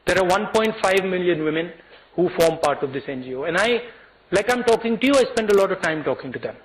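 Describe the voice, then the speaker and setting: A man with an Indian English accent gives a speech to college students, telling a personal story in an earnest, halting way, with restarts and quoted dialogue. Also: sits high, lively intonation, rough recording. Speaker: guest speaker addressing college students.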